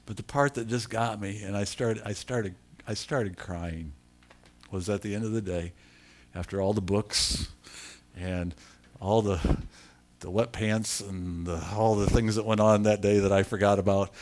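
An older man preaching a sermon, telling a personal story in an animated, emotional, self-deprecating way. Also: fairly low pitch, normal speed.

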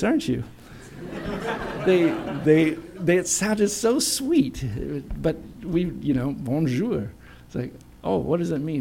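A man's voice: fairly high pitch, warm tone. A man preaching a sermon in a chatty, storytelling way with self-deprecating humor.

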